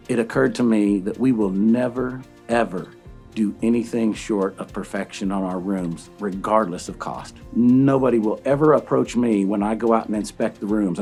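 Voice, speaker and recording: A middle-aged man, a company founder telling a personal story, earnest and emotional, halting with fillers. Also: lowish voice, darkish tone.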